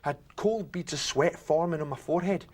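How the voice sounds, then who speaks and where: A man's voice: a little high, brisk, lightly acted. A young man with a Scottish accent telling a comic story in character, chatty and self-mocking, acting out the other voices. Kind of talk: theatre monologue.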